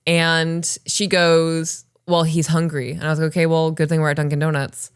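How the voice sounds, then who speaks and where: A woman in her thirties co-hosting a podcast, reading listener stories and chatting casually, animated and swearing freely. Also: sits low, moderate pace, smooth. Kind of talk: casual chat and story reading.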